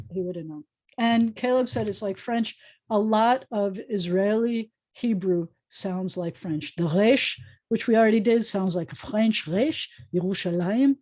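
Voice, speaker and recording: A woman's voice: mid-range voice, a little mellow, no room sound. An American woman rabbi teaching a Hebrew class over a video call, chatty, telling stories with frequent restarts. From United States. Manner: chatty, storytelling, self-correcting. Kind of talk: online class lesson.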